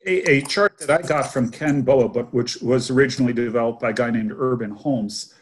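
A man's voice: medium pitch, fairly quick. A man in a casual discussion, explaining ideas step by step in a methodical way.

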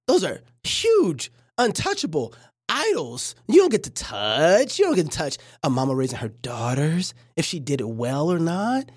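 A woman hosts a casual livestream and reacts to a clip with joking, preachy asides. Her voice swoops up and down over a wide, animated range. The sound is close and dry, with little room to it. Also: on the low side, husky, no echo. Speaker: livestream host.

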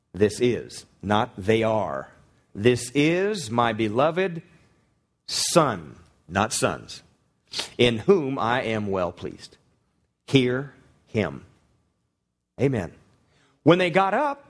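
A middle-aged man delivers a sermon in a lively, conversational way, with a voice that rises and falls across a wide range. He peppers his preaching with rhetorical questions and light humor. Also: mid-range voice, husky. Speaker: guest preacher, missionary.

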